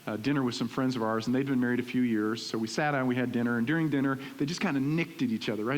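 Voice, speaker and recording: A man's voice: medium pitch, fast talker, hardly any pauses. Man preaching animatedly in a reverberant church. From Texas. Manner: animated, conversational preaching, keeps asking "right?". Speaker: pastor. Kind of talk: sermon. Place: church sanctuary. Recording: reverberant church hall with faint hiss.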